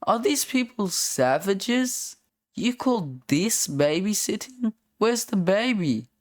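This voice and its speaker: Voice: medium pitch, sing-song, slow pace, no room sound, clean studio sound, pitched above the performer's own voice. A reader voicing a cocky sixth-grade boy with flippant wisecracks in a comic strip read-aloud. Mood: wisecracking.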